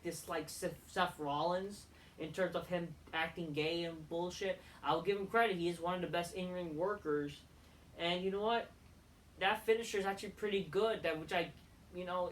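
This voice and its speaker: A woman's voice: lowish voice, fairly bright tone, a little hiss or hum. A woman heatedly ranting as a wrestling show reviewer, swearing often and rambling between points. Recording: voice a bit far from the mic.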